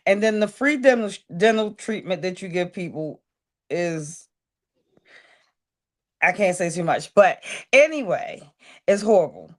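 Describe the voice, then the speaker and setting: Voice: medium pitch, animated, measured pace, long pauses. A podcast co-host speaking bluntly and laughing easily in a casual chat.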